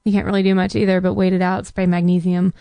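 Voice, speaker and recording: A pregnant woman in her thirties co-hosting a podcast, telling her story in casual, animated chat and a little short of breath. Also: on the low side, quick pace, smooth, dry recording. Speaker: podcast co-host.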